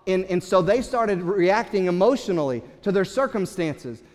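A man preaching a sermon as pastor, swinging between loud, urgent passages and hushed, quiet ones. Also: high-pitched, expressive, normal speed, long reverb tail.

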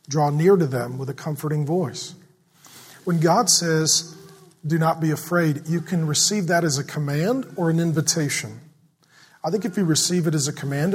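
Husky man preaching with big swings. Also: a little high. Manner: swings from loud emphatic preaching to soft fatherly hush. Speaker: pastor. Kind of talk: sermon.

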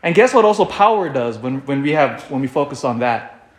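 A man giving a sermon as a priest, animated and full of rhetorical questions, often repeating himself. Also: medium pitch, fairly quick, roomy sound. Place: church.

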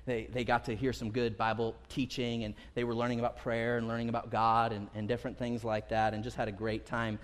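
This pastor, a man in his thirties, has a mid-range voice with little pitch movement and speaks fairly quickly with few pauses. He preaches casually to his congregation, acting out quotes with growing emphasis, and the sanctuary lends a long hall reverb.

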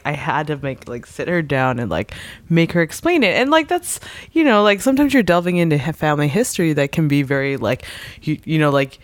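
A woman's voice: sits low, no room sound. A woman co-hosting a podcast in casual chat, rambling and joking with lots of "like" fillers. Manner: rambling, jokey, heavy on "like". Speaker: podcast co-host.

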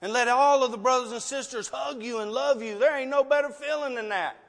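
Male preacher, high voice, passionate and pleading, heard in a hall with long reverb. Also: a little fast. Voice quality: passionate, emotional, loud at times. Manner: rhetorical questions, pleading. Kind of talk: sermon with altar call. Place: church sanctuary.

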